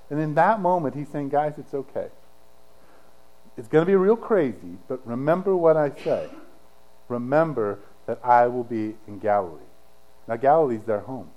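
A middle-aged male pastor preaching a sermon in a casual, conversational way, telling the story with dramatic swings from emphatic to hushed. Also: fairly high pitch, low-quality recording.

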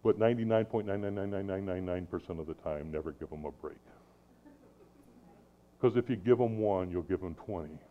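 A middle-aged man preaching a sermon, animated, swinging between loud emphasis and soft asides. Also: low-pitched, brisk. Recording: tinny phone-like sound.

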